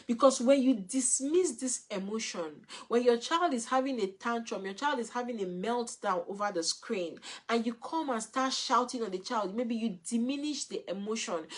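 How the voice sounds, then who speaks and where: A woman teaches parents in a live talk. She speaks earnestly and repeats her points to drive them home, and her voice sits slightly higher than most. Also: expressive, moderate pace. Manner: earnest, repetitive, instructive. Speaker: parenting coach.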